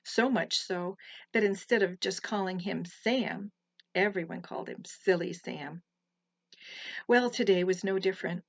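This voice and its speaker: Soft-spoken husky woman storyteller. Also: mid-range voice, a little slow, no echo. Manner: soft, gentle, hushed asides. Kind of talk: storytelling for children. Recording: slightly muffled, dry recording.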